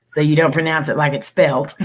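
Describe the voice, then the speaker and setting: A man co-hosting a casual livestream, chatting with viewers, laughing often and spelling words out slowly. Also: a little high, big pitch swings, slightly rough, low-quality recording. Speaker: livestream co-host.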